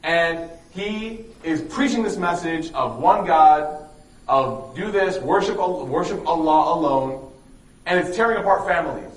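A bitter old woman rants her complaints, as a man voices her while telling a story. Her voice sits a little high. The sound is roomy and echoing, and it is picked up from some distance. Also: lively intonation, measured pace. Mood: bitter ranting. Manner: ranting complaints. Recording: echoey room, distant mic.

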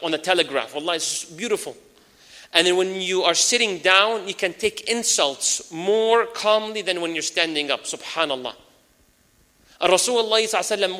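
Fast, bright-voiced preacher in a hall. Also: male voice, high voice. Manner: lively, addresses audience directly with Arabic phrases. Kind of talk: sermon. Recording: long hall reverb.

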